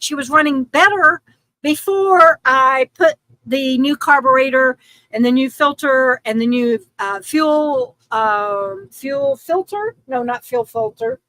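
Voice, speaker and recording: Bright-voiced older woman chatting frustrated. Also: sits high, no echo, low-quality recording. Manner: rambling, frustrated, many restarts and fillers. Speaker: YouTube channel host. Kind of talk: casual livestream chat.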